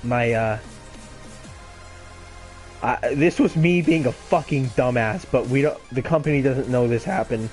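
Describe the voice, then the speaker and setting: A man's voice: medium pitch, a little slow, pauses often, darkish tone, soft background music. A man in his twenties telling a casual, rambling story full of swearing and self-mocking laughs. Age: 20s. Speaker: gaming channel host.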